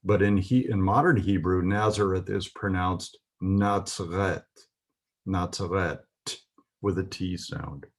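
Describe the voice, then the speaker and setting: A man with a husky voice teaching a lesson, reading words slowly and carefully with some pauses. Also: deep voice, fairly even intonation. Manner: spells out words carefully, pausing with "uh". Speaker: Hebrew teacher. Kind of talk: slow, deliberate lesson.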